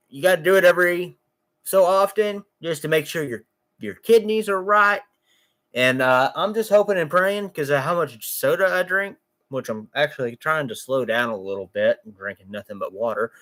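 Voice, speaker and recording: A man's voice: medium pitch, fairly bright tone. A man who runs a small lawn care business, rambling casually and joking to his vlog viewers, often taking his jokes back. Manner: jokey, rambling, quick to say he's kidding.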